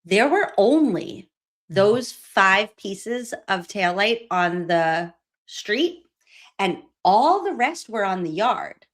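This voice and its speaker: A woman's voice: mid-range voice, very animated, slow pace. A woman hosting a casual livestream, giving sarcastic running commentary with frequent laughs. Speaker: livestream host. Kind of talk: casual commentary on trial footage.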